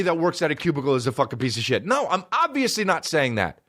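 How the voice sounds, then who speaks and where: A man hosting a podcast, ranting in a profane, mocking, animated comic way into a close mic. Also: a little high, fast, no room sound. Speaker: podcast host. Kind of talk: solo comedic rant.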